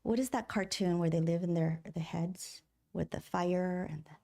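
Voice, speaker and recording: A middle-aged guest minister preaches in a church sanctuary, her lowish voice gravelly and warm at a moderate pace. She speaks conversationally, questions the congregation, and acts out inner voices in quotes.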